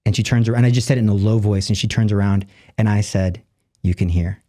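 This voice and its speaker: A man, a lay evangelist, telling a story as a podcast guest, acting out the people he quotes with sudden jumps in pitch and rushing through his asides. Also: flat delivery, dark tone. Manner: acts out quoted voices with big jumps in pitch; rushes asides in quick bursts. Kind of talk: animated storytelling in conversation.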